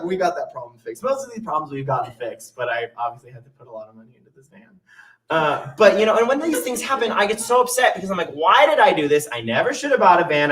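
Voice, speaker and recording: A man's voice: on the high side, fairly bright tone, distant mic. Chatty self-mocking young man storyteller. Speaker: solo stage performer. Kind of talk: storytelling monologue with songs.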